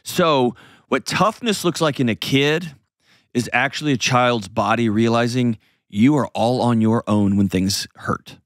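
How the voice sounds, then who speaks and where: A man's voice: medium pitch, unhurried, no room sound, clean studio sound. A man hosting an advice show, explaining parenting earnestly and acting out little scenes in changed voices.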